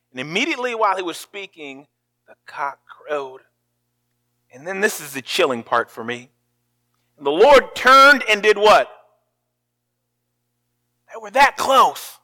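A pastor preaching a sermon, telling the story with feeling and acting out the lines of the people in it. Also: male voice, on the high side, animated, normal speed, sharp tone.

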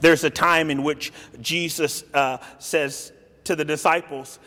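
A man preaching a sermon in a dramatic way, swinging between soft and loud and acting out the quotes he reads. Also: a little high, fairly even intonation, a little slow. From grew up in a city. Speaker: pastor. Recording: long reverb of a large hall.

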